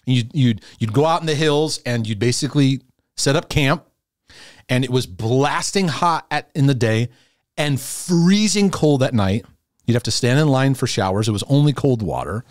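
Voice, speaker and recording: A man's voice: medium pitch, expressive, normal speed, dry recording, clean studio sound. A middle-aged man, a host and former youth pastor, talking casually and reflectively to a camera, often repeating himself, restarting phrases and chuckling. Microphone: camera in front of him.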